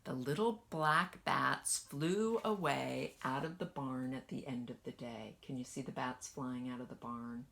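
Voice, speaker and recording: A woman kindergarten teacher gently reading a picture book aloud to children and asking them questions as she goes. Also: a bass voice, gravelly. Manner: slow, lively sing-song storytelling.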